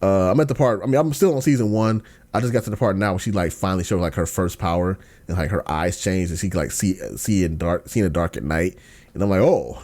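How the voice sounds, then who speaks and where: A man hosting a podcast in casual chat, slangy and ranting, dropping to low mumbles and then bursting into excited outbursts. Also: fast, slight background noise. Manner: slangy, lots of fillers and restarts. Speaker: podcast host.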